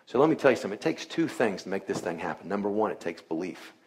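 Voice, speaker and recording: Low-voiced man telling an earnest story. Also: animated, fast talker, a little hiss or hum. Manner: earnest, acts out quoted dialogue. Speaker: chiropractor. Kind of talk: storytelling talk to a live audience. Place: event hall with audience.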